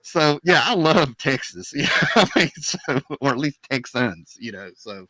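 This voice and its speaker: A man's voice: medium pitch, expressive, normal speed, bright, forceful tone, no echo, rough recording. Man hosting a chatty livestream, dry sound. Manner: enthusiastic, slangy. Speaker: livestream host. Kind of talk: casual chat.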